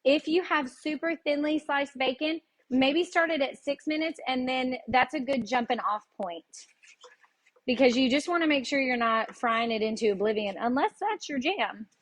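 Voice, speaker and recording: A woman's voice: high-pitched, normal speed. A woman with a Tennessee Southern accent, hosting a live cooking lesson and chatting folksily with her viewers as she goes. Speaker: cooking show host.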